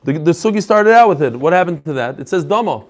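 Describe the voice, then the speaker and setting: A man teaching a daily Talmud class to a live group in an animated lecture, asking rhetorical questions and mixing English with Hebrew and Aramaic terms. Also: on the high side, fast talker.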